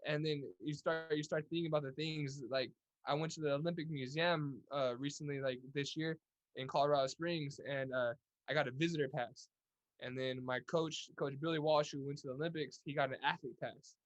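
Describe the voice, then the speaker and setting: A man's voice: fairly high pitch, steady tone, a little fast. A young man from California's Central Valley, a boxer talking earnestly as a guest in a casual interview, often repeating words as he goes. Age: young adult.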